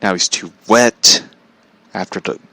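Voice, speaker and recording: A man's voice: on the low side, unhurried, vocal fry, bright, forceful tone, no room sound. A man telling a comedic story in a profane, exasperated way, laughing often. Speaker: vlogger.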